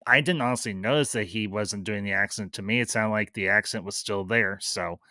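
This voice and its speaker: A man with a drawl talks through a live-stream review in a loose, chatty way, full of fillers and restarts. His voice sits low but rings bright and forceful. It is recorded dry and close, with no room sound. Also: a little fast, dry recording. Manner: chatty, loose, many fillers and restarts, greets chat viewers. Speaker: livestream host reviewing a series. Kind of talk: casual live-stream review, reading chat.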